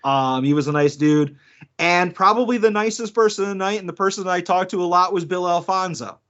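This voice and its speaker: A man's voice: high voice, a little fast. A man co-hosting a podcast, telling stories casually, acting out quotes and laughing often. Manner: animated storyteller, acts out quotes, laughs often. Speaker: podcast co-host. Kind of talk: casual chat. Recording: dull lo-fi podcast audio.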